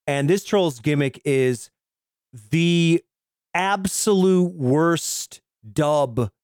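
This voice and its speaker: A man co-hosting a casual film review podcast, excitable and profane, laughing often and acting out quotes from the movie. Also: fairly high pitch, very slow, clear, resonant tone, dry recording, studio quality. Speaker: podcast co-host.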